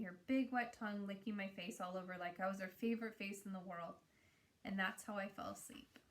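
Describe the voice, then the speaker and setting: A woman reading a novel aloud in a plain, earnest way, now and then stumbling and correcting herself. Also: medium pitch. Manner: plain, earnest reading with small slips and restarts. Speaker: reader.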